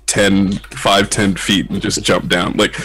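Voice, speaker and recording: A man playing in a tabletop game, talking in an unhurried, playful way. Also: low-pitched, little pitch movement, crowd noise. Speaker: player.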